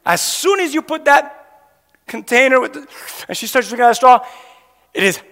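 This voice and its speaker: Preaching at normal speed, this pastor has an extremely high, expressive voice that sounds pushed and bright. Long hall reverb fills the church sanctuary as he throws emphatic questions at the congregation and waits for responses.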